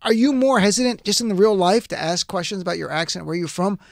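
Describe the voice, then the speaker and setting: A man hosting a talk show, asking quick probing questions and cutting in with jokes. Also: sits high, animated, gravelly, no echo, studio quality. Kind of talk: casual panel chat.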